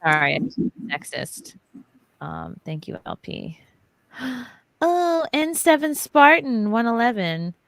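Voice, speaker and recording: A woman's voice: a little high, takes it slowly, vocal fry, dry recording, rough recording. A woman hosting a casual group chat, gushing as she reads out viewer gifts and thanks them. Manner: gushing, animated reading out gifts. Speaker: host.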